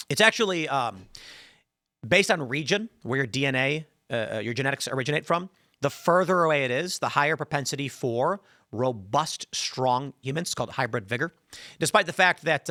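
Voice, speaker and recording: This is a man from Chicago doing a solo political commentary. His voice sits a little high and has a bright, edgy tension. He sounds dry and close to the mic as he argues his points with conviction, often stumbling and restarting his sentences. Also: dry recording. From Chicago, United States. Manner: opinionated and argumentative, with frequent restarts.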